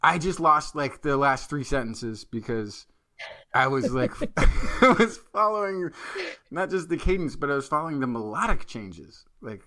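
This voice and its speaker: A man co-hosting a science podcast, talking in an animated, joking way with stumbles and self-corrections. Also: fairly high pitch, measured pace. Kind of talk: casual science chat.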